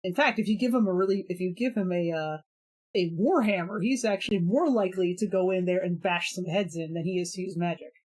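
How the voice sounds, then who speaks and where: A woman's voice: lowish voice, brisk, a little mellow, slightly rough. Giggly, rambling woman streamer. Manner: rambling, laughs often, many fillers. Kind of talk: casual live-stream chat.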